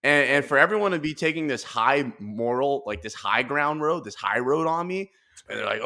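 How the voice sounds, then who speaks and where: A man hosting a casual podcast, talking in animated, profane rants with bursts of laughter. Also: medium pitch, normal speed. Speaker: podcast host.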